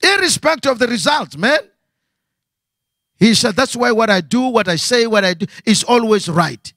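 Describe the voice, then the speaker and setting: A man's voice: very high voice, expressive, moderate pace, a bit bright, no echo, studio quality. A man preaching a sermon as pastor, asking rhetorical questions and repeating phrases.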